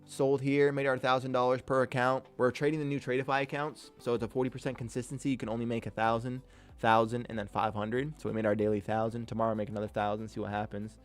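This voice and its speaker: A man's voice: medium pitch, little pitch movement, fast talker, soft background music. Hype male day-trading streamer. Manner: hype, calls viewers "King", slangy and upbeat. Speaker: day-trading livestream host. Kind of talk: casual live-stream chat, reading viewer comments.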